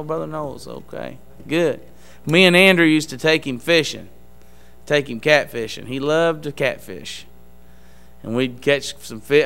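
Guy preaching his testimony at church, kinda high and smooth, earnest and a bit halting. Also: a bit bright. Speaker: church speaker giving testimony. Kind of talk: sermon-style testimony.

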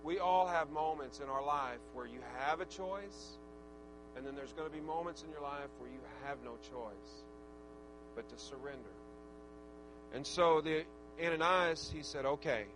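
A male preacher delivering a fervent sermon, swinging from shouted praise to soft, reflective talk. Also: fairly high pitch, normal speed, music in the background, rough recording. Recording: steady mains hum.

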